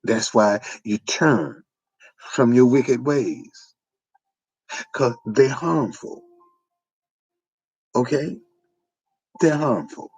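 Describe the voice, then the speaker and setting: A man's voice: mid-range voice, lively intonation, very slow, long pauses, darkish tone, slightly rough, no room sound, muffled recording. A man, delivering an informal preaching monologue with repetitive, emphatic phrasing. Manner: repetitive, emphatic, folksy street-preacher cadence. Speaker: online preacher.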